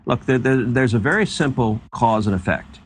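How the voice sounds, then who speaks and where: A man's voice: mid-range voice, normal speed, a little hiss or hum. Emphatic male politician on TV. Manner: emphatic, repetitive. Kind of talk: political talking points.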